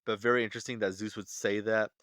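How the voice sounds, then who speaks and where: A man's voice: fairly low pitch, level tone, fast, a bit bright, no echo, studio quality. A man casually breaking down a manga chapter, rambling with restarts and fillers. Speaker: manga reviewer.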